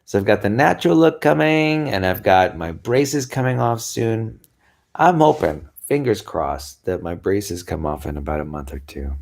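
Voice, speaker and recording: Talking loosely to his viewers, this tired vlogger rambles along, yawning occasionally and punctuating things with frequent laughs and sighs. He has a lowish, darkish voice with vocal fry, expressive and at normal speed.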